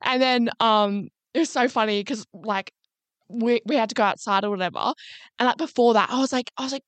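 Woman with a higher voice, chatty. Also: fairly quick, no room sound. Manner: sweary, rambling, heavy "like" fillers. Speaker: podcast co-host. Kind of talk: casual chat.

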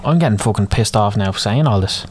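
A man's voice: fairly low pitch, lively intonation, brisk, a crowd in the background. Sweary Dublin man ranting. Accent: Irish, Dublin. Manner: moaning, sweary, rambling. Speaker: podcast host. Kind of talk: solo ranting podcast.

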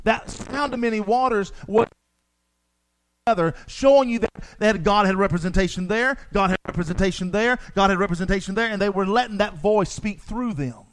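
A man's voice: sits high, fairly quick. A man preaching a sermon with passion, repeating phrases for emphasis.

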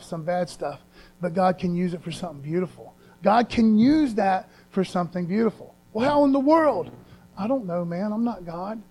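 A man's voice: high voice, warm tone. A man preaching a sermon as pastor in a casual, earnest way, using slang and repeating phrases for emphasis.

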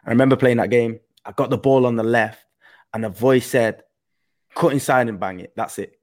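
A man shares a story in a casual podcast chat. He speaks earnestly and often drops to a softer tone. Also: medium pitch, steady tone, normal speed. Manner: storytelling, earnest, drifts soft.

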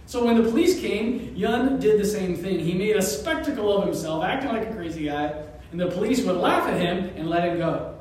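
Man preaching in a church, animated storyteller; high-pitched, heard from a distance in a roomy echo. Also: a little hiss or hum. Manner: storytelling, animated, with chuckles and pauses. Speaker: pastor. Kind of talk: sermon. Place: church sanctuary.

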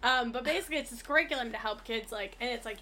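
A young woman co-hosting a podcast in casual chat, giggly and playful, with quick interjections. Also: fairly high pitch, sharp tone. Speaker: podcast co-host.

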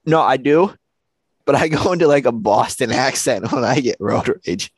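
A man's voice: mid-range voice, lively intonation, moderate pace, slightly rough, no room sound. A young man co-hosting a podcast, easygoing and joking in casual chat. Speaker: podcast co-host.

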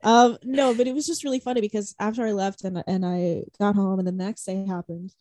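A young woman co-hosting a podcast tells a concert story in casual chat, rambling, saying "like" constantly, swearing and laughing a lot. Her medium-pitched voice is steady, brisk and dark, with no room sound.

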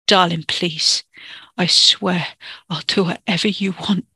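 A man's voice: sits high, moderate pace, pushed and bright, husky, dry recording, heavily acted. The narrator voicing a grieving young man who pleads with a breaking voice, then turns to snarling. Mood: pleading.

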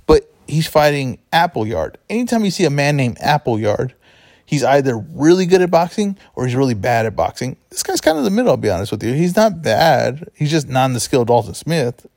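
A man's voice: medium pitch, big pitch swings, a little fast, darkish tone, dry recording. Give me a rambling male host talking sports bets, in a dry room. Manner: chatty, rambling, self-correcting. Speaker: podcast host. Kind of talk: casual sports betting chat.

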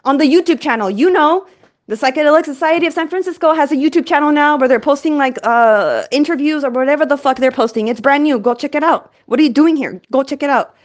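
A woman host delivering an energetic, profane, rambling monologue. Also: sits high, fast. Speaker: podcast host.

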